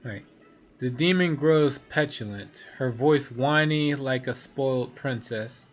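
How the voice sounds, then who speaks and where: A man's voice: mid-range voice, a little slow. A man streaming a video game, reading its text aloud with laughing asides.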